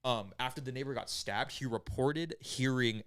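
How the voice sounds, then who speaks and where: A man's voice: medium pitch, moderate pace, a bit bright, clean tone, no room sound, studio quality. A man telling a long story on a casual podcast, rambling and swearing with lots of filler words. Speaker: podcast host.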